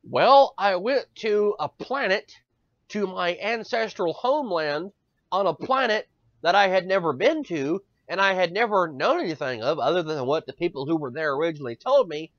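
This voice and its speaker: A man's voice: sits high, very animated, moderate pace, fairly bright tone, no echo. A man doing a rambling, boastful orc shaman. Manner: long-winded, boastful. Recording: dull dry lo-fi recording.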